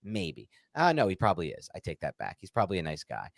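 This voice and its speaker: Male podcast co-host, stressed, heated rant, very animated pitch, dry close sound. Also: quick pace, gravelly, no echo. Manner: heated, swings from loud outbursts to muttered calm. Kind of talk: casual sports podcast rant.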